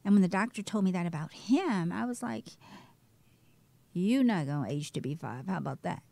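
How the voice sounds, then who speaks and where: Guest, woman, survivor testimony, candid and animated, swings from loud to hushed. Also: fairly low pitch, moderate pace, gravelly, dry recording. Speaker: guest, breast cancer survivor. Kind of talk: emotional personal testimony.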